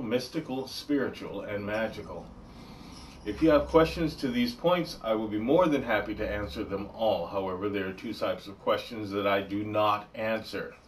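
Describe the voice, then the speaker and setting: Guy hosting a spiritual q&a stream, lowish voice, kinda distant mic, jokey and deliberate. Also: slight background noise. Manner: joking, deliberate and explanatory. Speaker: livestream host answering spiritual questions. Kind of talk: casual livestream talk.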